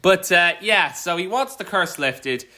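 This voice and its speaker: A man's voice: high voice, expressive, unhurried, sharp tone. A man co-hosting a podcast, chatting casually, rambling and swearing as he riffs into rants. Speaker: podcast co-host. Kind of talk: casual chat.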